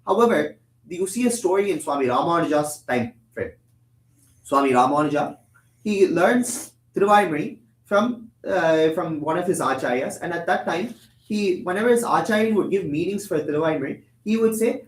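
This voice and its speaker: A young man giving a religious discourse at a temple, explaining verses, asking and answering his own questions, and chanting Tamil lines quickly. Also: fairly high pitch, animated. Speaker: temple lecturer. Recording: echoey room.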